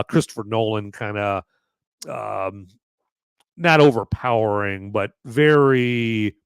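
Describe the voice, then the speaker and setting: A man's voice: lowish voice, clear, resonant tone, dry recording, clean studio sound. A man hosting a podcast, giving a casual movie and beer review, rambling with lots of fillers and asking "okay?" often. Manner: rambling with many fillers and okays. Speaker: podcast host.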